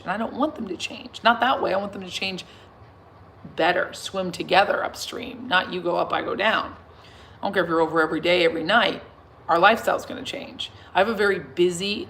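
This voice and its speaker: A woman in her thirties chatting casually to her followers, emphatic and self-assured, swinging from soft to loud. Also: medium pitch. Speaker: singer and vlogger addressing her followers. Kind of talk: casual livestream chat reading comments.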